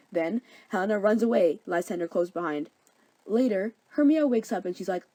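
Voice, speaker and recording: A woman's voice: medium pitch, animated, moderate pace, dark tone, dry recording, poor audio. A young woman narrating a comedic story summary in a flippant, slangy way.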